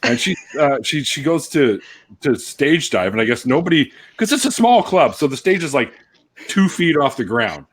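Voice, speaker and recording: Animated, husky-voiced man telling stories. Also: on the high side, normal speed, no echo. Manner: animated, laughing storyteller who swears freely. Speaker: host. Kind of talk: casual storytelling chat.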